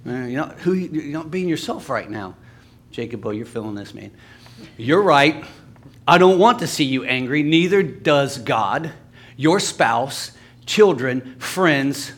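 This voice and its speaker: A man's voice: medium pitch, lively intonation, unhurried. A male preacher giving a casual, joking sermon in a church, slipping into sarcastic asides.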